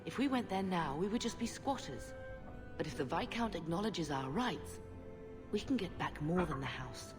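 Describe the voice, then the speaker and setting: An actress voicing a grieving middle-aged noble mother in a video game, soft and earnest. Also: lowish voice, lively intonation, normal speed, close to an everyday voice. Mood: sorrowful. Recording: long reverb on game voice. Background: game music.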